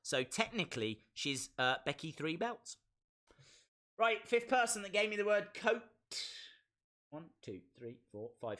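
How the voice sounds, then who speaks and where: A man chats his way through a live reaction stream, playful and prone to repeating himself as he reads out the chat. He talks at an easy, unhurried pace, and his voice is bright and swings widely in pitch. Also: very animated. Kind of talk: casual live reaction commentary.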